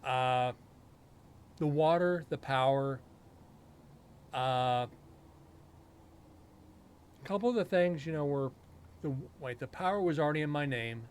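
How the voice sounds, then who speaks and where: A man's voice: fairly high pitch, a little slow, pauses often, smooth. A man hosting a live stream, telling a long personal story in casual chat, with rambling and frequent self-corrections. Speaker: paranormal show host.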